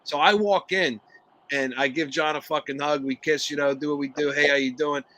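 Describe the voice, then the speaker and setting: A man's voice: on the high side, steady tone, normal speed, a bit bright, low-quality recording. A boisterous man co-hosting a podcast, telling crude stories and laughing often. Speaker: podcast co-host. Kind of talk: casual profane storytelling chat.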